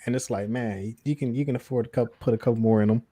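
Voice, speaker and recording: Chill guy cohost, warm low-key voice, dry sound, kinda trails off a lot. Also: steady tone, fast talker, no room sound. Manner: laid-back, laughs easily, trails off. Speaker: podcast co-host. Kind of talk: casual chat.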